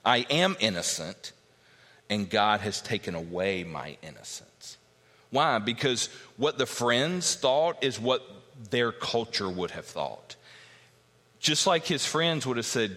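A man's voice: fairly low pitch, lively intonation, moderate pace, a bit bright. Man preaching in a reverberant hall. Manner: emphatic teaching, repeats key points, reads scripture aloud. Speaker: pastor. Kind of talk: expository sermon. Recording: long reverb of a large hall.

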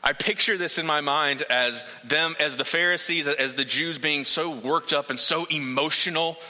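A man's voice: on the high side, normal speed, pushed and bright, in a large hall, poor audio. A man preaching a sermon, earnest and emphatic, building points through repetition.

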